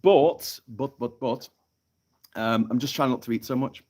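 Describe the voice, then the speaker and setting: A man's voice: mid-range voice, a little mellow. Rambling British man chatting casually. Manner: rambling, halting, repeats words. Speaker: vlogger streaming live. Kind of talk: casual live-stream chat. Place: outdoors on an island, in a hammock.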